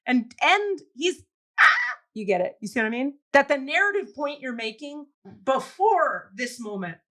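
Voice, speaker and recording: A woman's voice: high-pitched, very animated, moderate pace, a bit bright. A woman co-hosting a podcast, ranting animatedly about politics in casual chat, with frequent swearing. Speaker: podcast co-host.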